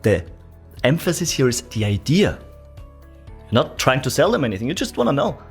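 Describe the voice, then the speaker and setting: A man's voice: medium pitch, a little fast, pauses often, faint music behind. A man teaching an online sales course, coaching the viewer directly and acting out the tone of lines he wants them to say. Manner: animated coaching, demonstrating tonality in quoted lines; addresses viewer directly with instructions. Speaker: sales trainer.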